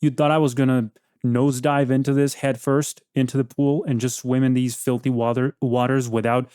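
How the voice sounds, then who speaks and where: A man's voice: medium pitch, flat delivery, moderate pace, dark tone, clear, resonant tone, no echo, studio quality. A man hosting a casual chat, blunt and probing as he questions an AI. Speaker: host.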